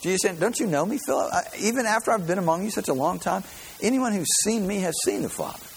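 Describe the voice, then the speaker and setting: A man's voice: high-pitched, lively intonation, quick pace, creaky, slight background noise, poor audio. A man preaching a sermon, earnest and conversational, often repeating words as he builds a point. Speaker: pastor.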